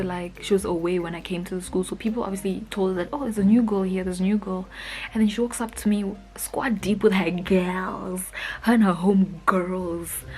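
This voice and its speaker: A young woman with a South African accent telling a storytime vlog in slangy, animated chat, acting out the other people's lines. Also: medium pitch, poor audio. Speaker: vlogger.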